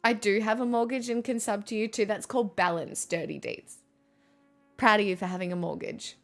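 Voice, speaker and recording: A woman's voice: medium pitch, steady tone, brisk. A woman live streaming in casual chat, sarcastic and ranting, often breaking into laughter.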